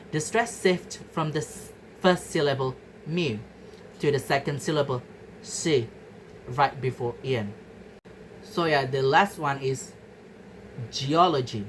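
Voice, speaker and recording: A woman's voice: rumbling low, slight background noise, poor audio. A young woman from Indonesia giving a class presentation, carefully repeating example words to show their stress. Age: young adult. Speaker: student presenter.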